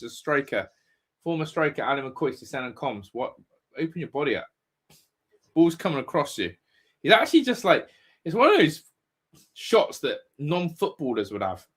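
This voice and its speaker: A fired-up man hosts a live fan watch-along, his voice leaping around as he yells at the players. His pitch sits a little high, and he swears freely between bursts of commentary. He swings from shouting to grumbling.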